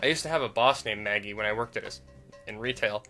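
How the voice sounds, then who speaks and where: Bright-voiced young man rambling over gameplay. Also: on the low side, fast, faint music behind. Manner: rambling, self-deprecating, with frequent restarts and giggles. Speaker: gaming YouTuber. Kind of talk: casual gameplay commentary. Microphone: desk mic.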